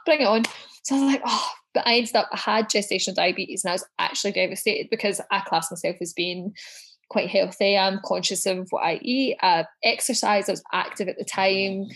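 A woman talking as a podcast guest in casual chat. She tells her stories with lots of energy, swears freely and acts out her own quotes. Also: medium pitch.

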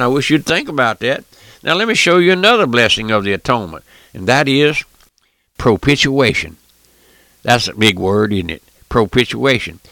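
A man's voice: mid-range voice, creaky, sharp tone, no room sound. A man preaching a radio sermon, fervent and emphatic, repeating phrases and addressing listeners directly.

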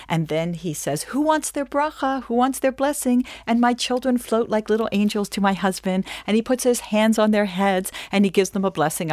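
A woman Jewish educator giving a lively lesson, acting out scenes as she tells stories. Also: on the low side, no room sound, clean studio sound. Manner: animated storyteller acting out scenes. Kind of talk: lively teaching talk.

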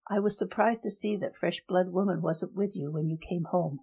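A woman's voice: on the low side, normal speed, mellow, husky. A woman voicing a wry elder advisor who makes dry, frank remarks in a storybook reading.

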